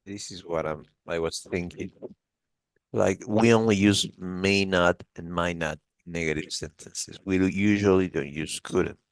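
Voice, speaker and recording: A man with a very low, gravelly voice works through a test review with a student. He explains patiently, restarting often and leaning on "like." The sound is dry and close, as on a video call. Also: steady tone, unhurried, dry recording. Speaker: English test tutor. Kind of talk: one-on-one lesson review.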